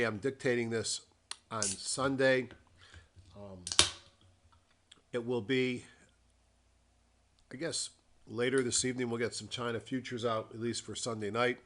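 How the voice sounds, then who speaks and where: A man dictating a weekly stock market review with a formal disclaimer, talking in an unhurried way and thinking aloud with frequent ums and pauses. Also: medium pitch, steady tone, a bit bright. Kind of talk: dictated screen-share market commentary.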